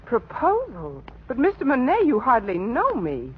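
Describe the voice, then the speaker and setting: An actress playing a dry, sarcastic schoolteacher in 1940s radio acting. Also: female voice, on the high side, huge pitch swings, moderate pace, husky, full character voice. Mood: wry. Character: wisecracking schoolteacher woman, dry and sardonic. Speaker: teacher. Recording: dull old radio broadcast with faint hiss.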